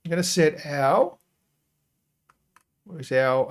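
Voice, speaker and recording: A man hosting a software tutorial, talking casually and thinking aloud as he works through each step. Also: high-pitched, takes it slowly, long pauses, clear, resonant tone. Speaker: web design tutorial host. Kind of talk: screen-recorded software tutorial.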